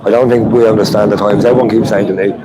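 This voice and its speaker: Rapid-fire and steady, a man with a fairly low voice and an Irish accent hosts a livestream, chatting with viewers. He's at an outdoor street protest with trucks, with crowd and vehicle noise in the background.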